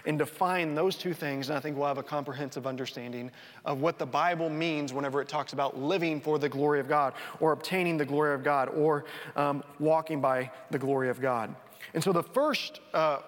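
A man preaching a sermon as a pastor, in a conversational way, often restarting and repeating words and dropping to a soft voice for emphasis. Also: on the high side. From North Texas. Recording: reverberant hall.

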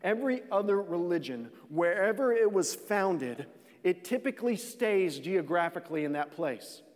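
A man's voice: sits high, darkish tone, in a large hall. A pastor preaching a sermon, earnest, repeating phrases and restarting lines as he builds his points.

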